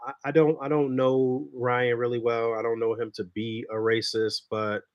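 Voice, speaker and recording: A man's voice: mid-range voice, little pitch movement, moderate pace, dry recording, dull audio. A man co-hosting a podcast in casual chat, agreeing bluntly and stammering through restarts. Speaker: podcast co-host.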